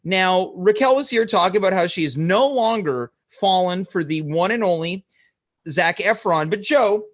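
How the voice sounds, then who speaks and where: A man's voice: sits high, moderate pace. A man hosting a casual talk show from home, chatting and teasing his guest and steering the topics. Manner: easygoing, teasing, steers the conversation. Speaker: host.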